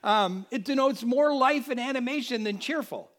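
A man from the United States preaching a Christmas sermon, animated, swinging between loud exclamations and quiet asides. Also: very high-pitched, normal speed.

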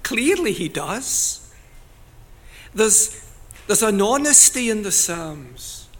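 A man preaching a sermon in an earnest, deliberate way, now and then rising to loud cries as he quotes scripture. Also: high-pitched, sing-song.

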